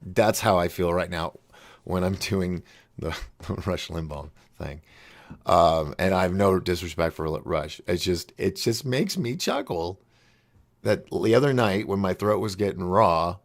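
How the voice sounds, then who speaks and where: A man's voice: low voice, a little slow. A man hosting a call-in show in a casual, rambling monologue, giggling often at his own jokes. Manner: rambling, restarts and trails off.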